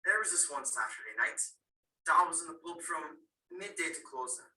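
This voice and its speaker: A young man with an Irish accent performing a dramatic solo as an Irish boy recalling his violent drunken father, swinging between hushed and loud. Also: a little high, expressive, moderate pace. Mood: fearful. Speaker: student competitor. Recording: roomy, far from the mic.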